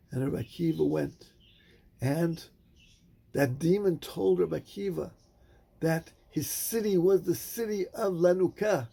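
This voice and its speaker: A male rabbi giving a sermon, telling a story with measured, dramatic pauses. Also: fairly high pitch, vocal fry, mellow, husky.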